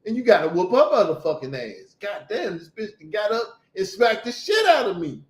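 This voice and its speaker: A man's voice: high-pitched, very animated, normal speed, roomy sound. A man, hosting a casual talk and telling stories in a blunt, profane way. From Southern United States. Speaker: host. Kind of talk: casual chat.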